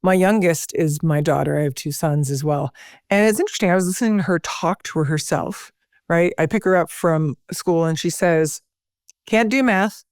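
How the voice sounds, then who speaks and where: A middle-aged woman, a podcast guest, telling lively stories and acting out the voices she quotes. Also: deep voice, moderate pace, no echo, studio quality. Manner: animated storyteller, acts out quoted voices. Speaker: podcast guest, broadcaster and speaker. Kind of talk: conversational interview.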